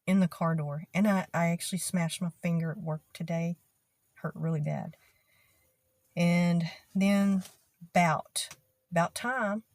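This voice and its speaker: Texan woman vlogger, a touch low, dry close sound, laid-back and chatty. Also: darkish tone, no room sound. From Texas. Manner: chatty, laughs often, drawls words out. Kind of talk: casual explainer video.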